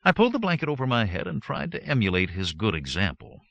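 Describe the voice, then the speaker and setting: Male narrator, bright tone, hugely animated pitch, dry close studio sound, wry first-person reading. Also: fast talker, no echo, dull audio. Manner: wry, lively storytelling. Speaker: audiobook narrator.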